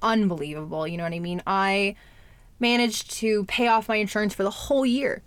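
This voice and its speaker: A woman's voice: medium pitch, normal speed, clear, resonant tone, no echo. A young adult woman talking candidly in a casual chat, lots of "like" and the odd swear word. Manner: candid, chatty, fillers and swearing.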